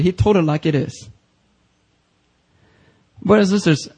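Husky-voiced man preaching emphatically. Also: high-pitched, rough recording. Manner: emphatic preaching with rising, forceful quoted passages; casual slang. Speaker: pastor. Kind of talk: sermon. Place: church service.

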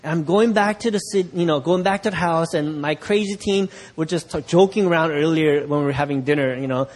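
A man's voice: a little high, fairly quick, hardly any pauses. A middle-aged man preaching as pastor, telling a story and acting out the voices of people he quotes, often laughing. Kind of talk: sermon storytelling.

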